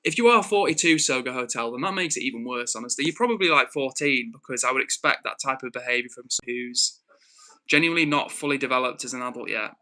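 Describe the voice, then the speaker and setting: A young man with a Northwest English accent hosting a live stream, reading chat and calmly, earnestly lecturing a troll with many restarts. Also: medium pitch, fast talker. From Northwest England. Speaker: livestream host.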